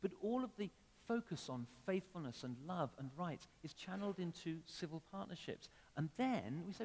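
A man delivering a sermon in a slightly higher voice than most men. He swings between emphatic, raised phrases and quiet asides. The sound rings with the long reverb of a church hall. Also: big pitch swings, moderate pace, hardly any pauses, a little hiss or hum. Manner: conversational with emphatic rises and sudden drops. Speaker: preacher.

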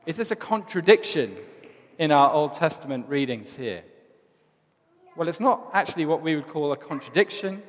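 Storytelling preacher in a reverberant church. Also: male voice, mid-range voice, normal speed. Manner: storytelling, animated retelling of scripture. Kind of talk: sermon.

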